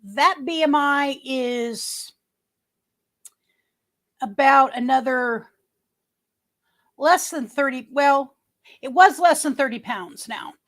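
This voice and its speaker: Her voice sits high and a bit bright, and she talks slowly with long pauses. This middle-aged livestream host, using a webcam mic, chats casually and ramblingly, restarting sentences frequently and welcoming viewers by their names.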